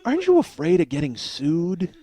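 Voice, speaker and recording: A man's voice: a little high, huge pitch swings, moderate pace, mellow, pitched above the performer's own voice. A man quoting his fretful scolding mother. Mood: disapproving. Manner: fretful, disapproving. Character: worried scolding older mother.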